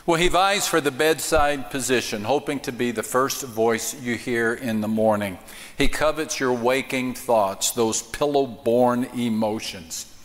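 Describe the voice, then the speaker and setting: A pastor giving a live sermon, telling stories and slowing down to stress key lines. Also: male voice, medium pitch, a bit bright. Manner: storytelling, slow emphatic cadence. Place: church auditorium. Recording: long reverb of a large church.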